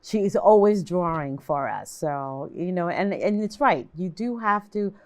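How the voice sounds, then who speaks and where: A woman's voice: on the low side, measured pace, a little mellow. An older woman hosting a talk show interview, asking questions and affirming her guests. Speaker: host.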